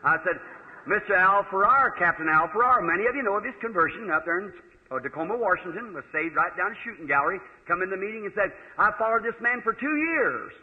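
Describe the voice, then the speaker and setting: A man preaching a sermon, telling a story in a folksy, animated way. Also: high voice, fast. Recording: old lo-fi reverberant hall recording.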